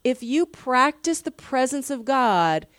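A woman pastor giving a sermon in an earnest, conversational way, often dropping to a soft, quiet voice. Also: sits high, very animated, takes it slowly, no room sound, clean studio sound.

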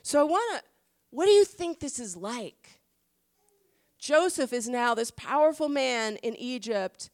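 A woman giving a conversational sermon, asking her listeners questions and reading scripture aloud. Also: a little high. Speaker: preacher.

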